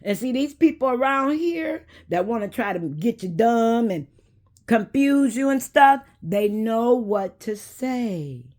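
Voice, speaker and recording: A woman, hosting a casual talk and speaking in an unhurried, preachy way that addresses viewers directly. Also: on the high side, animated, a little mellow. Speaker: host.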